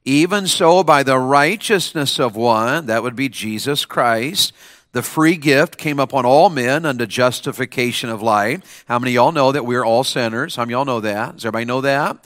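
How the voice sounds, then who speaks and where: A man preaches in chapel, firing questions at his listeners and pushing them to answer back. His voice sits at an ordinary middle pitch and sounds close and dry, with almost no room around it. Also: normal speed, a bit bright, no echo. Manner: call-and-response, coaxing the audience to answer. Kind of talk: lively sermon to students.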